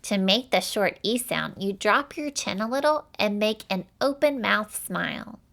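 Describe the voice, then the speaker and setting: A young woman teaching a children's phonics lesson, slow and clear, stretching out each sound and cheering the listener on. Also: mid-range voice, expressive, a bit bright.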